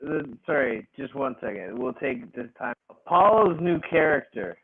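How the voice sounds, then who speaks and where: Podcast co-host, male, gravelly and husky, slow and profane, tinny phone-line audio. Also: medium pitch. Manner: profane, animated, laughing rants. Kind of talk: casual wrestling chat.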